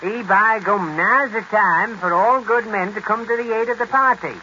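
Guy doing a jolly northern english fella, broad sing-song dialect, bright sharp tone. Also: high voice, moderate pace, a little hiss or hum, voice pushed up. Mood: hearty. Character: cheerful northern English man. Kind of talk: 1940s radio acting. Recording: dull lo-fi 1940s radio recording.

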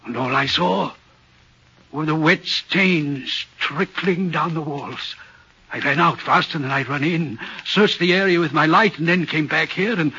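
A haunted, husky railway signalman. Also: fairly high pitch, pushed and bright, full character voice. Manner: earnest, troubled, deliberate storytelling. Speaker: signalman in a radio play. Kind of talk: vintage radio drama acting. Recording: muffled old radio recording.

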